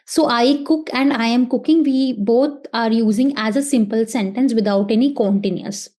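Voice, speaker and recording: A woman's voice: a little high, normal speed, warm tone. Patient woman teaching grammar. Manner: patient, repetitive, checks in with "okay". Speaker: German teacher. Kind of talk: language lesson explanation.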